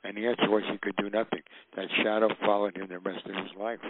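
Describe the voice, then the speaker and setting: An older man telling stories in an animated way, acting out the voices of the people in them. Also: lowish voice, quick pace, noisy background. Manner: animated, acts out quoted voices. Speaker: guest storyteller. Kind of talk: recounting anecdotes. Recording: tinny phone-like radio line.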